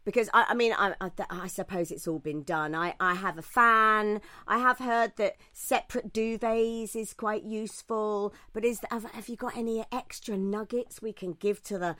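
British woman, podcast co-host, bright voice, chatty, swears a lot, animated. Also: mid-range voice, moderate pace, hardly any pauses. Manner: chatty, swears, animated self-mocking storytelling. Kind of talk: casual podcast chat.

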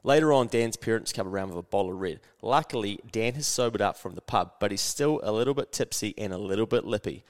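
A man with a New Zealand accent hosting a podcast, telling a story in a slangy, animated way and swearing casually. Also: fairly low pitch, fast, hardly any pauses, big-room sound. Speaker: podcast host.

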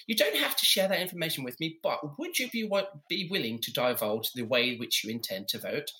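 Campy, high, fussy phone pollster, put on by a man, formal to a fault. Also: lively intonation, brisk, bright, forceful tone. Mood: prim. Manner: prim, formal, fussy phrasing. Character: camp, overly polite male phone survey caller.

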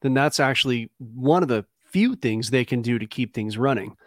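A man from the United States chats casually as a podcast guest, loose and conversational with frequent fillers. His voice sits at an ordinary pitch and the sound is dry and close, with no room echo. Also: normal speed. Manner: relaxed, conversational, uses fillers like "you know" and "dude". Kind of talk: casual chat.

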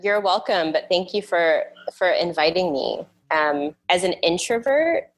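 A woman's voice: fairly low pitch, lively intonation, unhurried. A woman guest on a podcast, talking in a casual, thoughtful way and often restarting and repeating words. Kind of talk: casual interview chat.

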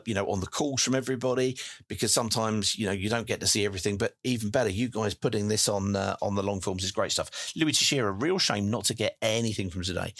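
Male host, lowish voice, dry close mic, rambling chat with many ums and restarts. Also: a bit bright, dry recording. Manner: reads comments aloud with many fillers and restarts. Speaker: podcast host reading listener messages. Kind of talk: casual post-match chat.

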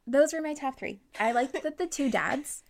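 Brief: young female podcast co-host, gravelly voice, blunt and sweary, casual chat. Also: sits high, normal speed. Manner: swears a lot, blunt and joking. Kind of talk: casual book-club chat.

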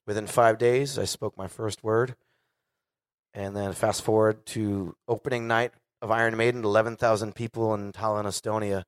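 A man's voice: lowish voice, flat delivery, moderate pace, clear, resonant tone, no echo, clean studio sound. A man in his forties, a singer, telling a candid and profane story casually to a live audience. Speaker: guest singer.

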